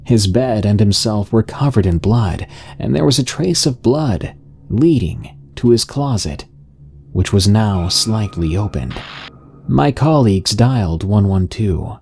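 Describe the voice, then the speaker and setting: Low, dark-voiced man narrating horror. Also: lively intonation, unhurried, vocal fry. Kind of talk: scripted horror story narration.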